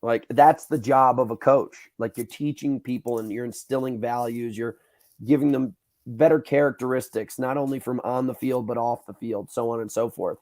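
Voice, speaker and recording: Man, thirties, casual chat, animated, mid voice, acts out quotes. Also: mid-range voice, moderate pace. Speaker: podcast host.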